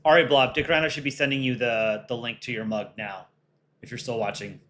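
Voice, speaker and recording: A man's voice: medium pitch, fairly quick. Easygoing man hosting a livestream. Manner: relaxed, reads chat aloud and runs polls. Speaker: livestream host and voice actor. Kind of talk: casual livestream chat.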